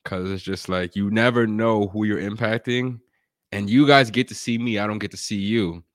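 A man with a lowish voice chats casually as a podcast guest at normal speed, telling stories animatedly and acting out the voices of the people he quotes. The recording is studio quality with no echo.

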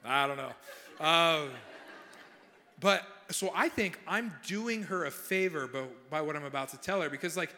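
A young male pastor giving a sermon, telling a funny personal story with animated, self-mocking humor before he prays. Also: a little high, normal speed, long reverb tail. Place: large church hall.

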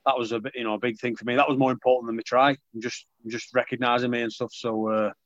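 A man's voice: mid-range voice, level tone, fast, a bit bright, dry recording. Young man, casual interviewee, self-deprecating, dry dull recording. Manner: chatty, self-deprecating, many restarts. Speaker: rugby league player.

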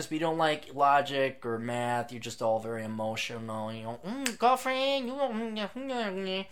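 A man hosting his own podcast in a casual, sarcastic, rambling monologue, reading out plugs and jumping between loud bursts and mutters. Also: on the high side. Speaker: podcast host.

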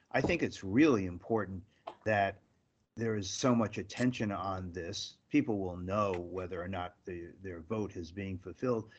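A man's voice: lowish voice, slight background noise. Emphatic male host, dull lo-fi sound. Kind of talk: interview hosting, political commentary.

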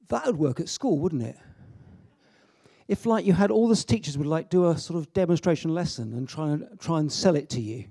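A man's voice: high-pitched, lively intonation, normal speed, warm tone, husky, no echo, studio quality. A man giving an informal, joking sermon with frequent asides and restarts. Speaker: preacher. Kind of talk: informal sermon to a youth audience.

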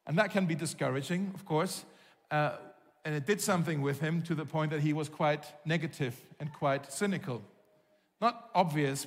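A man preaching a sermon as a pastor, telling a personal story in a lively way and acting out the voices of the people he quotes. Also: a little high. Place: church hall. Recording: long reverb of a large hall.

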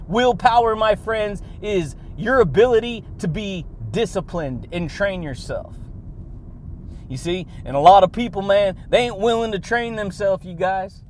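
A man hosting a motivational podcast, hyped and energetic, laughing between phrases and calling his listeners buddy and baby. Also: high-pitched, slight background noise. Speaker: podcast host. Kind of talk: motivational monologue.

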